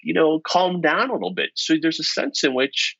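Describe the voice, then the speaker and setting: Middle-aged guy telling stories, bright husky voice, dull lo-fi sound. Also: a little high, moderate pace, dry recording. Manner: animated, self-deprecating storyteller. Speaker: guest, economics professor. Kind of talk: storytelling in conversation. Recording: dull lo-fi podcast audio.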